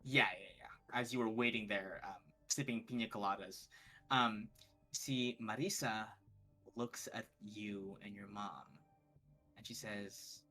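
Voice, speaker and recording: A man narrating as game master for a tabletop game, pausing often with fillers. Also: lowish voice, steady tone, bright, forceful tone, faint music behind, rough recording. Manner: hesitant, many fillers.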